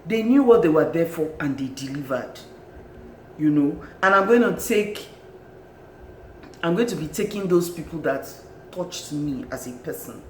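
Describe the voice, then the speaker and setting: A film reviewer with a Nigerian accent, talking in a casual, animated and exclamatory way, often laughing and repeating words for emphasis. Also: mid-range voice, normal speed, long pauses. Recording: echoey room with faint background noise.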